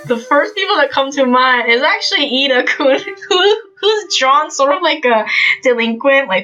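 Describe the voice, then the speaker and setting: A woman's voice: a little high, bright, forceful tone. A woman hosting a podcast, chatting casually about a manga with lots of fillers and asides. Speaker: podcast host.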